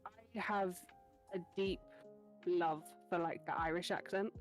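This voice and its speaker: A British woman chatting as a guest, talkative and exasperated, with quick asides. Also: lowish voice, steady tone, soft background music. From Britain. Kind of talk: casual chat.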